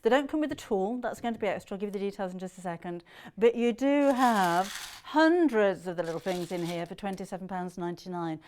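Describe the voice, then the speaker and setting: A woman's voice: mid-range voice, brisk, a little mellow, slight background noise. A middle-aged British woman presenting a live shopping show, chatting to viewers with plenty of ums and laughs. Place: TV studio.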